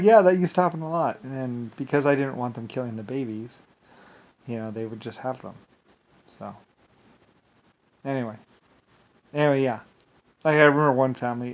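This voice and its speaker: A man's voice: mid-range voice, normal speed, long pauses. Man, mid-range voice, meandering vlog monologue, frequent laughs. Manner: meandering, laughs often, keeps saying "anyway". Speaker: vlogger. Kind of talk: rambling monologue.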